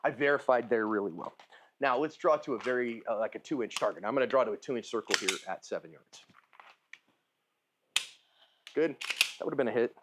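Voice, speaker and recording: A man's voice: mid-range voice, brisk, long pauses, noisy background. A man giving casual firearms instruction at a shooting range, talking informally and checking in with his listener. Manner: chatty, informal, asks "right?" and "okay?" often.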